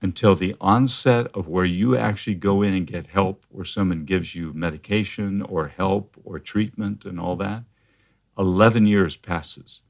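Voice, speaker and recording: Deep-voiced man explaining in measured tones. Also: fairly even intonation, creaky. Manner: measured, explanatory, with frequent fillers and restarts. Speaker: therapist guest. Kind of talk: conversational interview.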